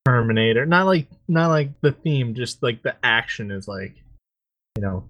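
A man co-hosting a casual podcast, easygoing and quick with a joke. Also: mid-range voice, no echo, muffled recording. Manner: easygoing, joking. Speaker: podcast co-host. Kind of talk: casual chat.

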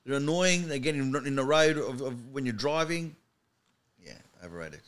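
A comedian telling animated stories as a podcast guest in a studio. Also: male voice, mid-range voice, normal speed. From Australia. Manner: animated anecdote teller. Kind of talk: storytelling in podcast chat.

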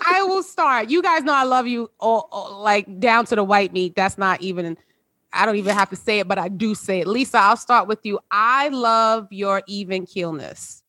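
A woman hosts a casual conversation with close friends over a video call. She talks in a heartfelt, emotional way and laughs often. Her voice sounds dry and close, at a middle pitch. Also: moderate pace, pushed and bright, dry recording. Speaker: podcast host.

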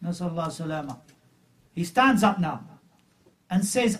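A man delivers an emphatic sermon, slipping into scornful retellings of the claims he is criticizing. His voice sits high for a man. The microphone is some distance away, so he sounds a little removed. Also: animated, normal speed, long pauses, fairly bright tone. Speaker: preacher.

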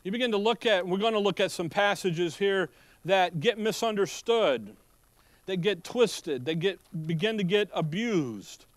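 A man's voice: high voice, lively intonation, measured pace, no room sound. A middle-aged male pastor preaching a sermon in a folksy manner, full of joking asides and rhetorical questions.

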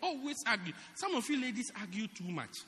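A man preaching a humorous sermon, acting out stories and shouting the punchlines. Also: very high voice, brisk, long reverb tail. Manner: animated storytelling, laughing and shouting punchlines. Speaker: pastor.

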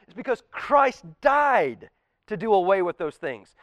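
A man preaching a sermon as pastor, impassioned and swinging between loud emphasis and hushed near-whispers. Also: high-pitched, expressive, takes it slowly, dry recording, dull audio. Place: church auditorium.

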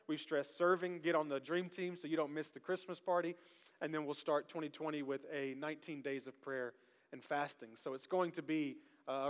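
A man preaching a sermon as pastor, lively and drawing the congregation into call-and-response. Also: fairly high pitch. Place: church sanctuary. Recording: long reverb of a large church hall.

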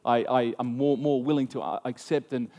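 A man's voice: medium pitch, moderate pace. Man preaching in a reverberant hall. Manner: animated storytelling with frequent restarts. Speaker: pastor. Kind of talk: sermon.

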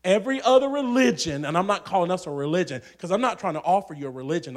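Man, preacher, church sermon, higher-pitched, hushed-to-shouting delivery. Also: expressive, quick pace. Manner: swings between hushed and shouting.

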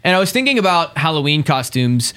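A man's voice: a little high, very animated, sharp tone, clean tone. A man co-hosting a casual chat podcast, rambling and correcting himself as he talks. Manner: rambling, self-correcting, quick bursts. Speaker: podcast co-host.

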